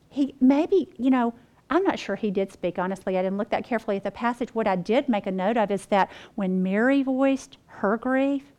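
A woman teaching the Bible to a group, folksy and animated, talking to them as y'all. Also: sits high, normal speed.

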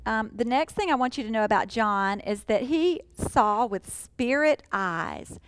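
A woman teaching a sermon in an earnest, emphatic way, slowing down to stress key phrases. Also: fairly high pitch, lively intonation, a little hiss or hum, low-quality recording. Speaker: Bible teacher.

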